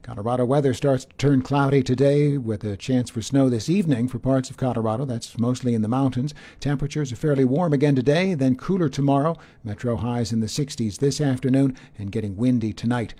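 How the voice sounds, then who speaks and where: A man reading a radio newscast as the anchor, in a measured, even delivery. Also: medium pitch.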